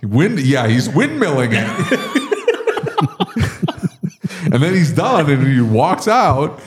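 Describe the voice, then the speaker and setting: A man talking in a casual podcast chat, his pitch swinging widely as he rants. He sounds exasperated and animated, telling stories with plenty of energy. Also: slow pace, pauses often, breathy edge. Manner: animated, exasperated ranting with big pitch jumps.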